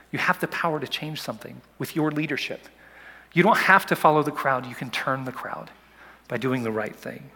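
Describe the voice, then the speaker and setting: A man preaching a sermon, swinging from soft whispers to loud, urgent calls. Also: mid-range voice, long reverb tail. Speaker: pastor.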